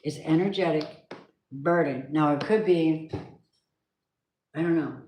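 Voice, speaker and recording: A tarot reader gives a casual, emphatic reading directly to her viewers, chatting away and singing bits of songs. Her voice is low, unhurried and darkish, recorded in an echoey room with faint noise.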